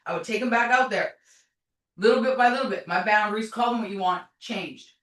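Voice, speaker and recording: A middle-aged woman telling her story as a mother, blunt and forceful, swearing and repeating herself. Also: mid-range voice, a little fast. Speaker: mother of a recovering addict. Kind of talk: emotional personal testimony. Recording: echoey room, voice from a distance.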